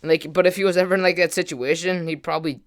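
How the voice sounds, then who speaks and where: A man's voice: on the high side, fairly even intonation. A man telling a casual storytime to his camera as a gaming vlogger, rambling with lots of "like" and "kinda" fillers. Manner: acts out friends' lines in quick quotes.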